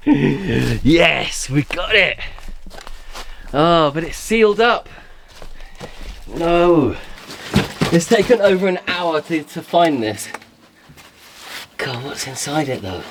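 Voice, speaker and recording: A man giving chatty, excitable commentary to camera as he explores woodland outdoors. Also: a little high, measured pace, long pauses, background noise. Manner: chatty, excitable, talks to himself while exploring. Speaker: bushcraft vlogger.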